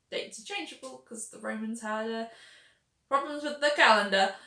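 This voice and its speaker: A woman's voice: fairly high pitch, pushed and bright, echoey room. Sarcastic woman explaining history. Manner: wry, sarcastic asides. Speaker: history video host. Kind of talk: sarcastic history vlog narration.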